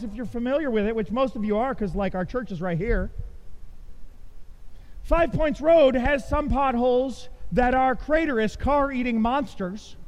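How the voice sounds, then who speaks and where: A middle-aged man with a strikingly high voice delivers a storytelling sermon, animated and self-mocking, tossing in vocal sound effects. His voice carries a long reverb from the church sanctuary around him.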